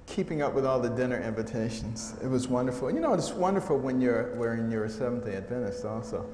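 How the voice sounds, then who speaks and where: A middle-aged American man gives a testimony as a storytelling talk to an audience, speaking fast at a medium pitch. He is humorous and animated, often acting out the voices of people he quotes. The recording has an echoey hall sound with faint noise.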